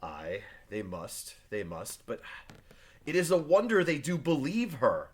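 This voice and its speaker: In an unhurried, husky mid-range voice with a sing-song lilt, a man earnestly reads the part of John Proctor, the stubborn farmer husband. It's a class read-aloud of a play written in old-fashioned language.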